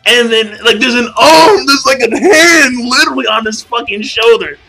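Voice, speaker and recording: A young man gushing about a comic chapter in a casual video review, excitable and full of swearing and slang. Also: very high voice, normal speed, vocal fry, soft background music, poor audio. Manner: hyped, profane, slangy fanboy gushing.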